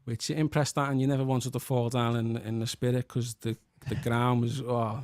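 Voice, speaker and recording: A man from Liverpool in his thirties, a guest musician and worship leader, talking in an earnest, halting way with many restarts. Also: mid-range voice, level tone, a little mellow, no echo, clean studio sound. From Liverpool, England. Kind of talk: casual chat.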